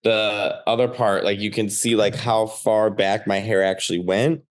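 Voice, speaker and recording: A man in his thirties with a Chicago accent and a somewhat low voice chats as a podcast guest. He tells his stories in an animated, rambling way, full of "like"s. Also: normal speed. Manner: animated storyteller, many "like" fillers. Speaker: comedian guest. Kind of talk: casual podcast chat.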